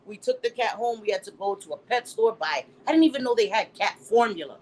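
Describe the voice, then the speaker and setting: A middle-aged woman hosting a casual live stream, reading chat comments aloud and telling stories in an animated way, laughing often. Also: on the high side, brisk, a little hiss or hum, poor audio. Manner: animated storytelling, laughs often, acts out quotes.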